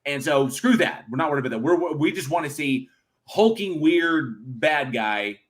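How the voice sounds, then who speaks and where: A man co-hosting a casual horror film chat, animated and profane, laughing often and rattling off lists. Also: a little high, moderate pace. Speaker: podcast co-host.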